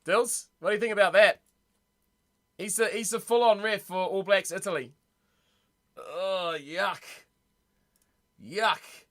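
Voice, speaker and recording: A young man hosting a casual live-stream rugby watch party from home, chatty and excitable, reacting aloud to his chat. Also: sits high, normal speed. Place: home room.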